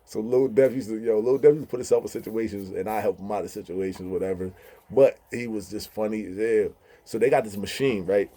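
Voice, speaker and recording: A man's voice: lowish voice, steady tone, fairly quick, warm tone. A man hosting his own channel, telling stories in a slangy, loose style full of asides. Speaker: channel host, storyteller. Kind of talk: casual storytelling.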